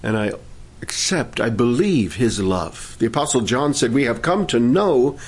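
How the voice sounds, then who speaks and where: A man leading worship and preaching a sermon, fervent in praise and gentle when he teaches. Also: medium pitch, expressive, moderate pace, breathy edge. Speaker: pastor.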